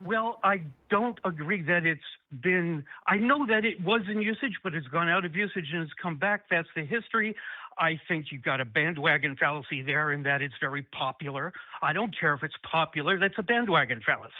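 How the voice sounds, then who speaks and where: A man's voice: fairly high pitch, no echo. Defensive male caller on a tinny phone line. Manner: insistent, defensive, measured. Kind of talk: call-in debate.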